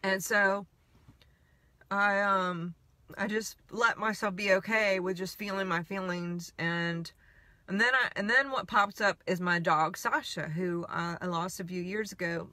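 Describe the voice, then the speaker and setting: A woman with a bright, forceful voice tells a personal story in a candid, halting way, her emotion close to the surface. The recording is dry, with no room sound around her. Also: on the low side, no echo. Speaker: healing coach. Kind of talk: personal reflective monologue.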